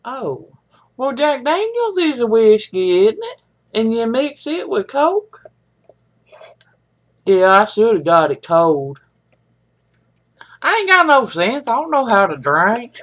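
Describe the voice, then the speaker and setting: A woman's voice: fairly high pitch, very animated, slow pace, pauses often, a bit bright. A middle-aged woman, chatting in a folksy, rambling way to viewers of her live stream. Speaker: livestream host. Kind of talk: casual chat with live viewers.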